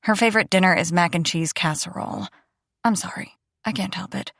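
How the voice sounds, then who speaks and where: A woman's voice: on the low side, fairly quick, vocal fry, fairly bright tone, dry recording, clean studio sound. A young adult woman narrating a first-person audiobook in a chatty, self-deprecating way.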